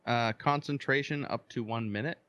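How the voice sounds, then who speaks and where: A man playing a tabletop game, speaking in a thoughtful, unhurried way. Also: mid-range voice, fairly bright tone. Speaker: player.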